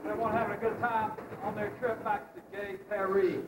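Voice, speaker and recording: Brief: man, high voice, deadpan comic storyteller, far off in an echoey noisy hall. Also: fairly quick. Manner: deadpan storyteller with put-on French accent.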